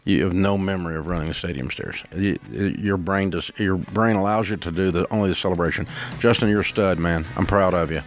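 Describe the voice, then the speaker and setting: A man's voice: low voice, fairly even intonation, brisk. A man hosting a call-in advice show, talking in a blunt, folksy way with restarts. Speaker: radio show host. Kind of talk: casual advice talk.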